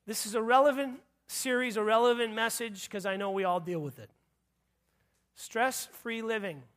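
A man's voice: sits high, normal speed, a bit bright. A man preaching a sermon as pastor, joking with the congregation and repeating punchlines. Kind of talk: sermon with humor.

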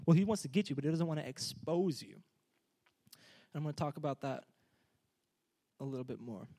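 Preacher: a man with a high voice, lively and joking, pushing the room to respond. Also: normal speed. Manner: energetic, joking, urging the congregation to respond. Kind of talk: sermon.

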